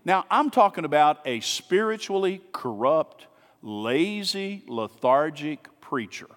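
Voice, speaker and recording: A man's voice: fairly high pitch, big pitch swings, normal speed, in a large hall. A man pastor preaching a sermon in a casual, conversational way, asking rhetorical questions and dropping asides to his congregation. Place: church sanctuary.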